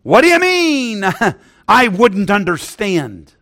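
This earnest middle-aged preacher speaks slowly in a notably high voice marked by vocal fry and huge swings in pitch. He calls out for amens during his sermon and frequently lowers to a quiet, hushed voice for personal stories.

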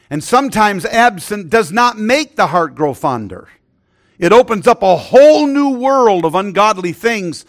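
A middle-aged man preaches a sermon in a strikingly high voice, earnestly calling for amens. When he shares a personal story, he often drops into a softer, hushed tone.

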